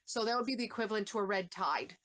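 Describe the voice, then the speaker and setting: A woman's voice: medium pitch, animated, quick pace, a bit bright. Gushing Canadian woman host, fillers. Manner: gushing, emotional, many fillers and restarts. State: tearful. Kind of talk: casual live-stream interview.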